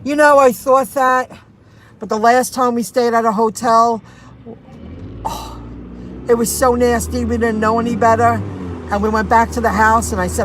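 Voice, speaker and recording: Her fairly high voice holds a steady tone at normal speed while she casually unloads on her viewers. The speaker, a rideshare and delivery driver vlogger, tells an indignant story and reads their comments aloud, and the recording picks up plenty of car and street noise.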